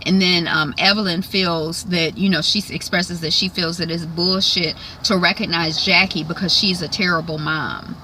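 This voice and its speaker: A woman's voice: lowish voice, fairly even intonation, normal speed, hardly any pauses, sharp tone, slight background noise, poor audio. A woman casually recapping a reality TV episode, chatty with lots of ums and frequent laughs. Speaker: recap vlogger.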